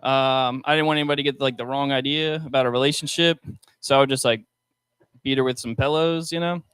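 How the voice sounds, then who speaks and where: A young man doing a stand-up set with crowd work on a restaurant stage, talking haltingly with many ums and likes into a handheld mic. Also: medium pitch, fairly even intonation, a bit bright, clear, resonant tone, dry recording. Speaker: stand-up comedian.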